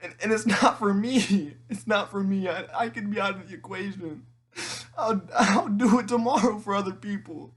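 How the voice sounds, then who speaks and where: A teenage man in an emotional monologue to camera, tearful and halting, rambling with frequent restarts and swearing. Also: high-pitched, fairly even intonation, breathy edge. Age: teens. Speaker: vlogger.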